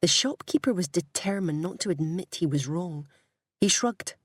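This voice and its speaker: A woman reading a story aloud in a calm, unhurried narration. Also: lowish voice, breathy edge, no echo, clean studio sound. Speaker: audiobook reader.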